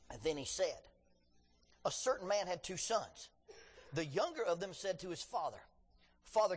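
Husky-voiced preacher in a reverberant hall. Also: male voice, on the high side. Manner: conversational, joking asides, dramatic scripture reading. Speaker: pastor. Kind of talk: sermon.

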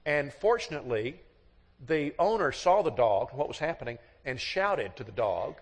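A man's voice: medium pitch, very animated, moderate pace. A middle-aged man preaching a sermon on marriage in a folksy, storytelling way, acting out both sides of the dialogues. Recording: long hall reverb.

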